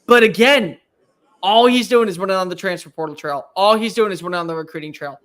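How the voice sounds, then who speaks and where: A man with a high voice, talking sports on a talk show. He is animated and emphatic and fires off opinions quickly. It sounds like relaxed banter between co-hosts.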